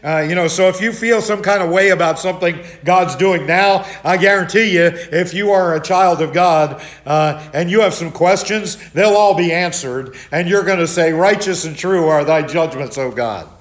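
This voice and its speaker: An older man leads a Bible study in a loud, animated voice. He tells stories with lots of restarts and repeated words. His voice sits a bit high for a man. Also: normal speed, few pauses. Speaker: pastor.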